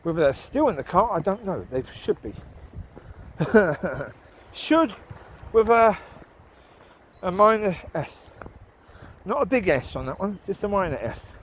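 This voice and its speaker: A man with a high-pitched voice vlogs while walking his dogs on a rural path by the water, rambling chattily and talking to the dogs. He's very animated but a little slow, pausing often. The recording is rough, with slight background noise.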